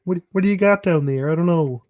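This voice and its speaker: A man putting on the nasal, raspy voice of a nervous male frog puppet. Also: fairly high pitch, a little fast, darkish tone, no echo, clean studio sound, lightly acted. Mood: shifty nervous.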